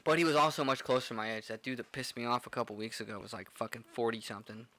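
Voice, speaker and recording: Profane young bartender telling stories. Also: male voice, medium pitch, fairly even intonation, racing, pushed and bright. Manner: profane, rambling with many "like" fillers. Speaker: podcast co-host, bartender. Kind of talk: casual storytelling chat.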